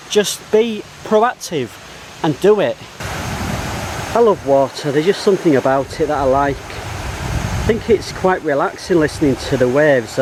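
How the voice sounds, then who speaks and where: A man's voice: a little high, noisy background. Upbeat man vlogging on a walk. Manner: upbeat, motivational, excitable. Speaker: travel vlogger. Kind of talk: casual walk-and-talk to camera. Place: outdoor botanical garden, walking.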